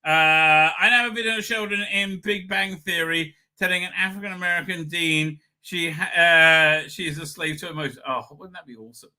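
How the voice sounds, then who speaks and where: A middle-aged man hosts a casual livestream, chatting off the cuff with his viewers. His voice is very bright and sits slightly high. He rambles through comments, full of fillers and restarts, with an irreverent streak. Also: moderate pace, few pauses. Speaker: livestream host. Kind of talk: casual live chat reading viewer comments.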